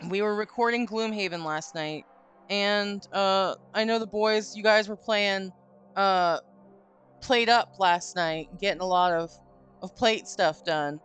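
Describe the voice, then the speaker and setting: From her home stream room, a woman hosting a live stream chats casually and spins a long, meandering story with some cursing. Her voice is medium-pitched, a little bright, and clean, with faint spooky music playing behind her.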